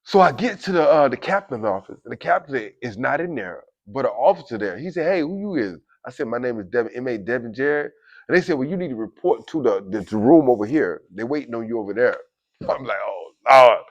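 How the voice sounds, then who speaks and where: A man telling a story in a casual, animated way, often turning to his listeners and acting out the voices of others. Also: medium pitch, a little fast, muffled recording. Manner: animated, keeps addressing listeners directly; acts out quoted voices of guards and inmates. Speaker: storyteller recounting prison life. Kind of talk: casual spoken storytelling to camera.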